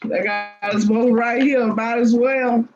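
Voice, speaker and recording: Relaxed, rambling casual-chat host. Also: mid-range voice, unhurried. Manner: relaxed, rambling, with many restarts. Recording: dull lo-fi recording with faint hiss.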